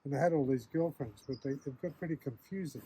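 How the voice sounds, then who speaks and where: An older man hosts a casual conversation, looking back on old times. His voice sits at an everyday middle pitch, and his talk wanders, with frequent restarts and soft chuckles. A faint noise runs under the recording. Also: quick pace. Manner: rambling, repeats words and restarts sentences, chuckles often. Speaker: host. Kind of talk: casual reminiscing chat.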